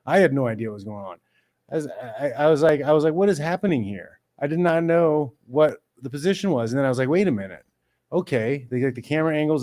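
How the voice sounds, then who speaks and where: A man hosting his own show in a casual, ranting commentary. He talks bluntly and with open exasperation, at a middle pitch. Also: a little mellow. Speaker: show host.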